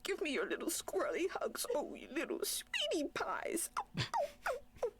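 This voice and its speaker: A woman's voice: very high-pitched, huge pitch swings, moderate pace, fairly bright tone, a little hiss or hum, heavily acted. A woman playing a cooing squirrel-mad old lady. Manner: cooing, gushing baby talk. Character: doting eccentric old woman who loves squirrels. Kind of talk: voice acting audition.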